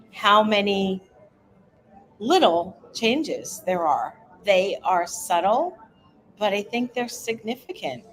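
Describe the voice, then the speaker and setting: A middle-aged woman on a casual livestream, thanking viewers by name and wandering through little details of her day. Her voice sits a bit low for a woman. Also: low-quality recording. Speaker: cohost of a cruise travel livestream. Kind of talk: casual live chat reading viewer comments.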